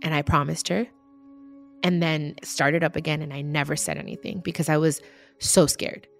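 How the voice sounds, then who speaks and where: A woman's voice: sits low, fairly even intonation, moderate pace, vocal fry, faint music behind. Candid woman recounting her childhood. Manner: candid, emotional, acts out remembered dialogue. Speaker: podcast guest telling her life story. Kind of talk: personal storytelling.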